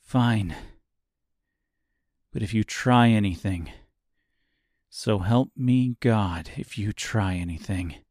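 A determined, angry young heroine, read by a man in a low, even voice, who presses hard with short, wary questions. Recorded close and dry for an audiobook. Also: slow, pauses often, no room sound. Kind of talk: audiobook character voice.

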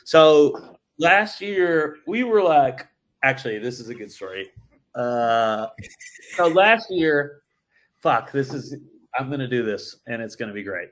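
A man telling a story as a podcast guest, animated and full of swearing. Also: medium pitch, measured pace. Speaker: brewery guest. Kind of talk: casual podcast chat.

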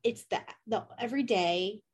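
A woman's voice: mid-range voice, moderate pace, husky. A woman guest on a podcast in casual conversation, reflective and working through questions aloud.

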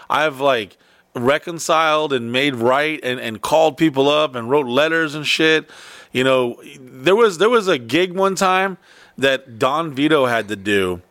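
A man telling rambling, profane stories in a casual chat. He talks in quick bursts at a mid pitch. The sound is dry and close. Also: a bit bright, no echo.

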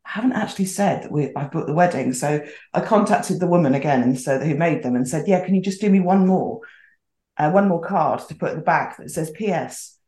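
A woman's voice: sits low, lively intonation, brisk, dark tone. A middle-aged woman telling a story casually as a podcast guest, chatty and acting out the voices she quotes. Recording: roomy echoey sound.

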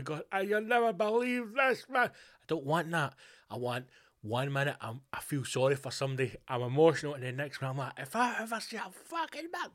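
A Scottish man hosting his own podcast, talking alone in a rambling, sweary, animated way. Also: medium pitch. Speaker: podcast host. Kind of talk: casual monologue.

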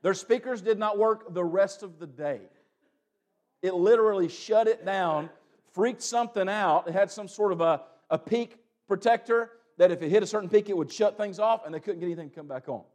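A young man preaching a sermon, breaking into loud calls between plain teaching and quick asides. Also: sits high.

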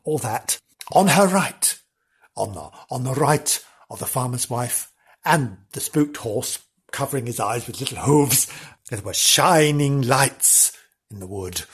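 A podcast host spins local history into comic storytelling. The delivery is theatrical, full of gasps and repeated words. The voice swoops through a lively range and is a little husky. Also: mid-range voice, measured pace.

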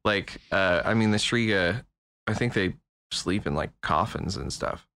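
A man's voice: deep voice, sharp tone. Joking American man on a podcast. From United States. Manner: joking, quick asides. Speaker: podcast co-host. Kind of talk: casual podcast chat.

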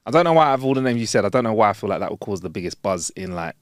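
A young man co-hosting a podcast, talking fast with a lively, swooping pitch. He teases his co-host and talks to the listener in casual banter. The recording is dry and close. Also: no room sound. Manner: quick, animated, teasing banter. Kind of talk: casual chat.

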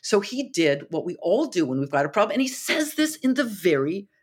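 A woman author, a podcast guest, explaining storytelling with lively retellings of film scenes. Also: medium pitch, a little fast, slightly rough. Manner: animated, acts out dialogue in quotes.

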